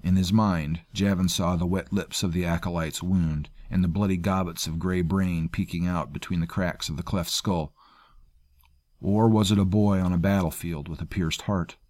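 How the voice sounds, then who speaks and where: Guy with a real deep voice reading dark fantasy, dramatic and measured, dry close sound. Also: steady tone, no echo. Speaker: narrator. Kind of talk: scripted audiobook narration.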